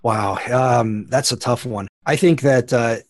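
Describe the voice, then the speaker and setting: A man's voice: medium pitch, measured pace, no room sound. A middle-aged man, a professor being interviewed, explaining with enthusiasm and frequent fillers. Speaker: professor and podcast guest. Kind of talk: interview answers.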